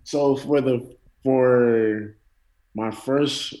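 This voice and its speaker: A man's voice: mid-range voice, normal speed, a little mellow, low-quality recording. A man guesting on a casual sports podcast, talking in a loose, slangy, rambling way.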